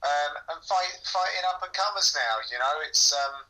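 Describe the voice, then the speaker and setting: A man's voice: fairly high pitch, moderate pace, bright, forceful tone, low-quality recording. A man co-hosting a casual sports podcast, reflective and hesitant, talking through a fighter's career.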